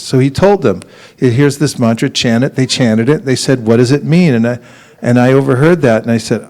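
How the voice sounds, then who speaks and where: A man giving a relaxed sermon at a temple, telling stories with laughs and acting out quotes, sometimes chanting a mantra slowly. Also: mid-range voice. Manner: storytelling with laughs and acted quotes. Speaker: temple teacher.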